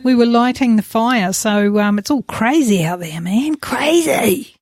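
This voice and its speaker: A woman co-hosting a beekeeping podcast in casual chat, enthusiastic and quick to praise. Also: on the high side, animated, a little mellow, no echo, clean studio sound. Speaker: podcast co-host.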